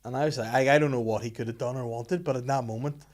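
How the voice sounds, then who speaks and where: A man's voice: medium pitch, fairly even intonation, quick pace, a little mellow. Man telling a rambling bar story. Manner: loose anecdotal storytelling with swearing. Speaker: podcast co-host. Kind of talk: casual podcast chat.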